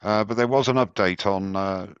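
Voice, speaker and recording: Male host, very low voice, dull dry headset sound, rambling and self-mocking. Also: normal speed, clean tone, no echo. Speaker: host of a live woodturning demo. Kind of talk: casual live-stream chat.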